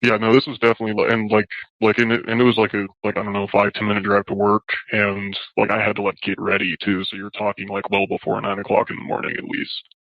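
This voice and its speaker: Halting young man, flat and low. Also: dry recording. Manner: halting, full of "like" fillers. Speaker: interviewee. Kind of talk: interview answers. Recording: dull, dry lo-fi audio.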